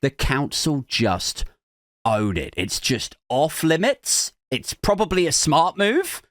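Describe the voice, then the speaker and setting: A man's voice: a little high, big pitch swings, takes it slowly, fairly bright tone, dry recording, clean studio sound. A man hosting a podcast, giving a crude, sarcastic comedic commentary and slipping in mock voices. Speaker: podcast host.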